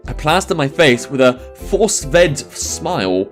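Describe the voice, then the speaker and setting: Young male let's-play narrator, lively pitch, self-mocking rambling commentary, light music bed. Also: measured pace, few pauses. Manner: rambling, self-mocking, stumbles over misspelled words. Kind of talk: reading a visual novel aloud with commentary.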